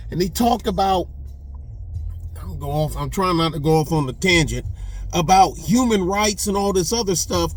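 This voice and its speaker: Middle-aged man with a high voice, unhurried, rambling folksy commentary, faint music underneath. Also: a bit bright. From Texas. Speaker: channel host. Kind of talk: casual commentary.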